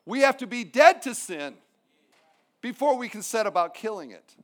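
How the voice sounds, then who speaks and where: A man's voice: high-pitched, big pitch swings, normal speed. A male pastor preaching a sermon, emphatic, with humorous asides.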